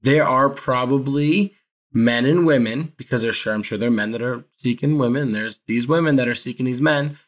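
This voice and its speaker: A man in casual podcast conversation, his voice sitting at an ordinary middle pitch. He rambles, trips over his words and laughs along as he makes his points. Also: moderate pace. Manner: rambling, self-correcting, laughs often. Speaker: podcast co-host. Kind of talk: casual chat about a reality show.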